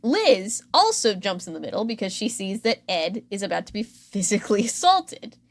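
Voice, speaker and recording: A woman's voice: mid-range voice, very animated, moderate pace, no echo. A woman co-hosts a casual podcast, retelling a reality show with a dry, sarcastic edge and plenty of fillers. Her voice sits in an ordinary middle range. The recording is close and dry, with no room sound. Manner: chatty, sarcastic storytelling with frequent fillers. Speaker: podcast co-host.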